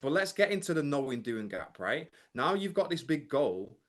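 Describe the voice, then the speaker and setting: A man's voice: a little high, sing-song, normal speed. Emphatic man coaching a live chat. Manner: emphatic, keeps asking "right?" to the audience. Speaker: mindset and business coach. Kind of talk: motivational talk to a live chat.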